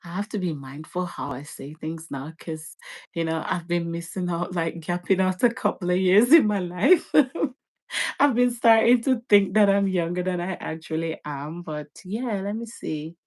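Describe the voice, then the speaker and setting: A woman's voice: lowish voice, moderate pace, a little mellow. A woman from Jamaica in casual live-stream chat, chatty, laughing often and restarting her sentences.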